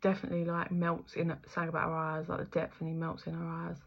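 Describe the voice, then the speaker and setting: A woman's voice: sits low, monotone, fast, creaky, muffled recording. A young woman giving a casual, chatty spiritual reading, full of fillers, the odd swear word and frequent laughter. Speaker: intuitive reader.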